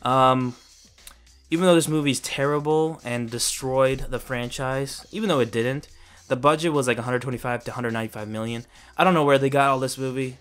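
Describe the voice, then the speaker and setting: A man's voice: mid-range voice, steady tone, fairly quick, fairly bright tone, soft background music. Sarcastic ranting male movie reviewer. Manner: profane, sarcastic, laughing at the film.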